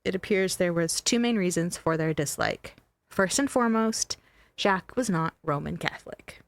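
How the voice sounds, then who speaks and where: A woman's voice: lowish voice, expressive, moderate pace, gravelly, no echo. A woman hosting a podcast, telling a true-crime story in a chatty, joking, emphatic way. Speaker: podcast host.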